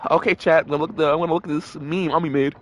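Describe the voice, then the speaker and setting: A man's voice: fairly high pitch, fairly even intonation, very fast. A man streaming a game, joking and reading its dialogue aloud. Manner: joking, laughing, reads lines aloud.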